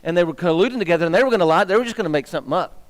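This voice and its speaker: A man's voice: sits high, racing. A man teaching a Bible class as minister, quizzing the room and getting fired up as he talks. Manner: animated, asks the room questions, gets fired up. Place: church hall. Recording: long echo of a church hall.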